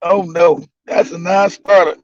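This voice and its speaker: A man's voice: high-pitched, steady tone, measured pace, darkish tone, no echo. A male show host telling stories casually, profane and mocking, laughing often. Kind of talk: casual comedic storytelling. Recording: dull lo-fi recording.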